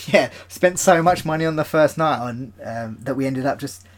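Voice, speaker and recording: A man's voice: mid-range voice, moderate pace. A young man trading old stories on a casual podcast. He laughs often as he talks and fills his sentences with ums and uhs. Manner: laughs often while telling stories, many fillers. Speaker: podcast co-host. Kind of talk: casual chat.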